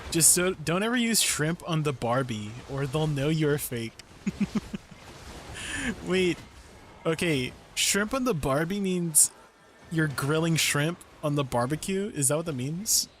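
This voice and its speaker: A man's voice: a little high, animated, a little slow. A man streaming a game, chatting casually with his viewers and laughing often. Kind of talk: casual live-stream chat. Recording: faint background noise.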